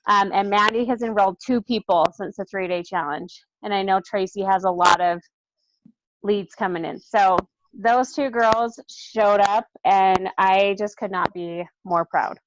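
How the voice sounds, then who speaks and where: A tired woman chatting quickly on a team video call, self-deprecating and casual. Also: mid-range voice, dry recording. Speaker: team member giving shout outs. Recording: dry, dull video call audio.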